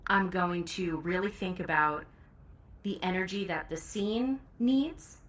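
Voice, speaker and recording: A woman's voice: on the low side, slow pace, a bit bright. A woman audiobook narrator, a guest in a casual interview, talking candidly and laughing easily.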